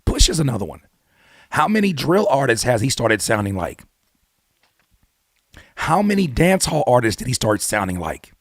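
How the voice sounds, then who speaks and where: A man hosting his own channel, giving blunt, animated hip-hop commentary full of rhetorical questions and casual swearing. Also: mid-range voice, normal speed, pauses often, no room sound, studio quality. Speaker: YouTube host and rapper. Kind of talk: opinionated music commentary.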